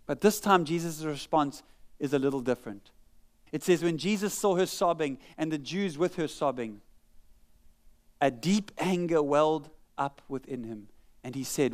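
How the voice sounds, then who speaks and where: A man preaching a sermon in a church, reading scripture slowly with dramatic pauses and speaking earnestly and conversationally between the readings. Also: a little high, animated, a little mellow. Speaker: pastor.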